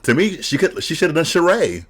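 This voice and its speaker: A man's voice: fairly high pitch, big pitch swings, a little fast, husky. A man hosting a casual reaction video, talking candidly and bluntly with bawdy jokes and frequent laughter. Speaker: drag reaction video host.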